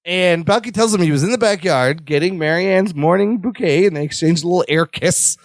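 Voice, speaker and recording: Man co-host, high voice, dry close mic, wry jokey recap. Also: a little fast, dry recording. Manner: joking asides, laughs between lines. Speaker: podcast co-host. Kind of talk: casual chat recapping a sitcom.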